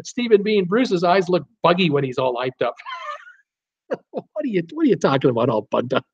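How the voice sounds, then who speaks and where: Animated man reading live chat. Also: high-pitched, moderate pace, breathy edge. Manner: animated, reads comments aloud with frequent fillers and laughs. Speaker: host of a cruise live stream. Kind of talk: casual live chat reading viewer comments. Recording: dull lo-fi stream audio.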